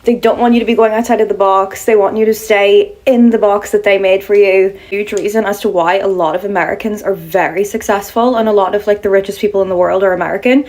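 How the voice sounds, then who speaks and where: A woman's voice: medium pitch, fairly even intonation, fast talker, few pauses, darkish tone. Young Irish woman, chatty vlogger, filler-heavy casual talk. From Ireland. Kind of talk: casual vlog monologue.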